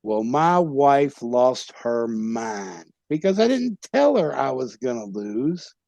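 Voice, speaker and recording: A man's voice: medium pitch, sing-song, slow pace, gravelly, darkish tone, no room sound. A man, a former pro wrestler, telling rowdy, profane stories in a casual interview and laughing at his own pranks.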